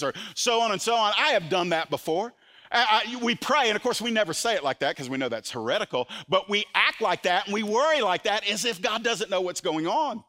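Older guy pastor preaching, high bright voice, big loud jumps when he does quotes. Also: moderate pace. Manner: animated preaching, voicing quoted speech with sudden loud jumps. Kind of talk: sermon.

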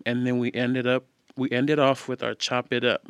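A tired man co-hosting a podcast, talking in a relaxed, slangy, casual way. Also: mid-range voice, moderate pace, clean tone, no room sound, studio quality. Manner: relaxed, slangy, laid-back. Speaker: podcast co-host. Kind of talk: casual chat.

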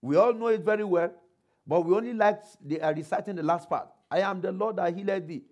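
In a muffled recording, a man with a high voice preaches a sermon full of scripture quotations and rhetorical questions aimed at the congregation, whom he urges to respond. He slows, speeds up, and varies his volume to stress key points.

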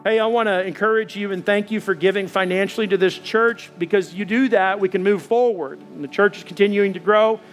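A man preaching a sermon in a church as pastor, telling a story with lively acted-out dialogue. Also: high voice, fairly quick, hardly any pauses, soft background music. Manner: animated storytelling, acting out dialogue.

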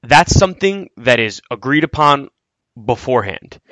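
A man's voice: mid-range voice, very animated, moderate pace, a bit bright, no echo. A man co-hosting a podcast as a reporter, voicing complaints in a blunt, emphatic way. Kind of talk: casual podcast chat.

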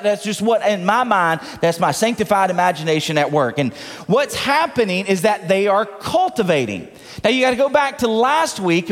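A man's voice: sits high, long reverb tail. A male pastor preaching a sermon to his congregation, with playful asides and repeated words as he builds a point. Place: church sanctuary.

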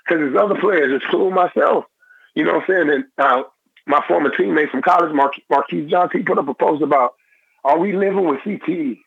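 A young man, a former football player, talking in a phone-in interview in halting, repetitive phrases. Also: on the high side, creaky, breathy edge, dry recording. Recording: tinny phone line.

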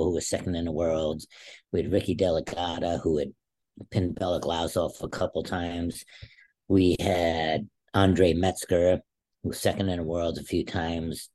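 Brief: low-voiced man in his sixties, guest storyteller, emphatic and rambling, full of restarts. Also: warm tone. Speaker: interview guest, former Olympic wrestler. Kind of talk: storytelling in a casual interview.

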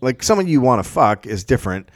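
A man's voice: medium pitch, very animated, fast talker, dry recording, studio quality. A man hosting a casual comedic podcast, teasing his guest with wry questions. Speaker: podcast host.

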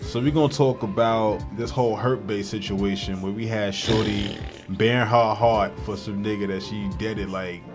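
A man's voice: fairly low pitch, fairly even intonation, moderate pace, music in the background. Crude, joking young male co-host. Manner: joking, crude one-liners. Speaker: podcast co-host. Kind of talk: casual chat.

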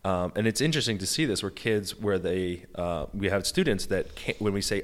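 American guy, lowish voice, eager and chatty, lots of likes. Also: animated, a little fast, hardly any pauses. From United States. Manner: enthusiastic, many fillers like "like" and "you know". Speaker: beatboxer and guest. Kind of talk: casual interview chat.

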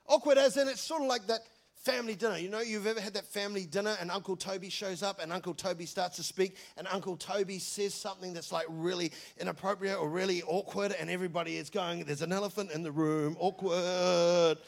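A New man preaches with a lot of energy, telling the story in a loose, joking way and calling out to the room. His voice sits high for a man and has a gravelly, creaky edge. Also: fast. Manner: energetic, conversational, jokey storytelling. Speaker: pastor. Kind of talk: sermon.

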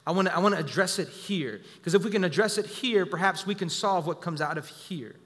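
A man's voice: sits high, a little fast, fairly bright tone, big-room sound. A man preaching a sermon as pastor, emphatic and repeating key phrases to the congregation.

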